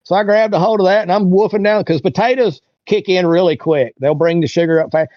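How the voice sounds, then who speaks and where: Male interview guest, casual rambling storyteller, slightly high voice, dry muffled sound. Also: a little fast, no echo. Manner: rambling, colloquial, acts out others' lines.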